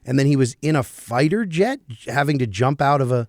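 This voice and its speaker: A man co-hosting a comedy podcast with a gravelly, fry-tinged voice that swings widely in pitch. He rambles through casual banter and often restarts or trails off mid-thought. The recording is close and dry. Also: expressive, fairly quick, darkish tone, no room sound. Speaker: podcast co-host.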